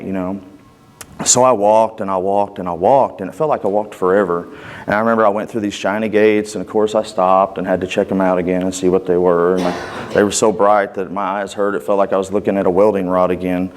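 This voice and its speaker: A man's voice: fairly low pitch, fairly even intonation, fairly quick, darkish tone. A man giving a personal church testimony in an earnest, conversational way, acting out the dialogue as he tells it.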